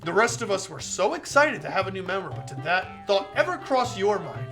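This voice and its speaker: A woman's voice: medium pitch, very animated, fairly quick, music in the background, lightly acted. Yuri, a cool, pointed girl voiced by a woman. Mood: cold.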